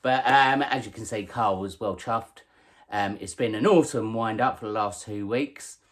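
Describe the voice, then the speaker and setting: A man, hosting a casual vlog and chatting in a relaxed way about his tarantulas, with plenty of ums. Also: fairly low pitch, moderate pace. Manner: chatty, laid-back, says um and uh a lot. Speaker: tarantula keeper and channel host. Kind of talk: casual show-and-tell vlog.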